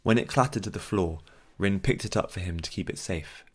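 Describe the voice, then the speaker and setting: Deep-voiced male audiobook narrator. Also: slightly rough. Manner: steady, measured storytelling. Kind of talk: scripted fantasy narration.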